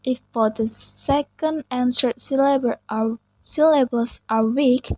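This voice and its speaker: A young woman reading out a class presentation slowly and carefully, with small restarts. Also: high voice, no room sound, rough recording. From Indonesia. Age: young adult. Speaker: student presenter.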